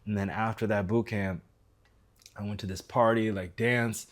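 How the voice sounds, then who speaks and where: A man's voice: on the low side, normal speed. An American man on a podcast, telling a personal story in a casual way and acting out the quoted lines. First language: English. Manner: animated storyteller, acts out quoted dialogue. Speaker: podcast guest.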